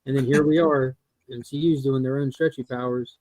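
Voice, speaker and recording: A man hosting a casual comic club chat on a video call, opinionated and quick to swear. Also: mid-range voice, steady tone, darkish tone, dry recording, rough recording.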